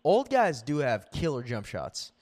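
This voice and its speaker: A man's voice: medium pitch, wildly swooping pitch, measured pace, darkish tone. A young man co-hosting a podcast, chatting casually in a laid-back way and laughing often. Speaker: podcast co-host. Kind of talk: casual chat.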